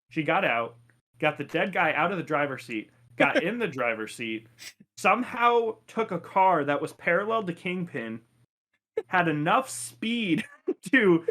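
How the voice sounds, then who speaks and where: A man's voice: on the high side, bright, forceful tone. A man co-hosting a podcast, recapping an episode in casual, profane chat and laughing a lot. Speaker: podcast co-host.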